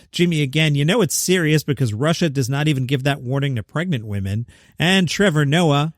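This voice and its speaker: A man hosting a comedy news podcast, delivering headlines with sarcastic, deadpan asides. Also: medium pitch, brisk, no room sound, clean studio sound. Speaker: podcast host.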